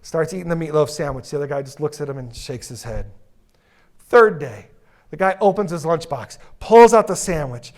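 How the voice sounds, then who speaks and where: A middle-aged man giving a humorous keynote talk, telling stories and acting out the people in them with big swings in his voice. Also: normal speed. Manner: animated, acts out characters in stories; lively, dramatic pitch swings. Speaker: keynote speaker.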